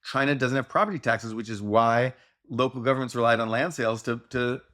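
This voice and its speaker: A man hosting a podcast, chatting casually with jokes and quick asides, from Texas with a slight Texan accent. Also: medium pitch, bright, forceful tone. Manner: joking, riffing, quick asides. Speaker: podcast host. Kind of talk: casual chat.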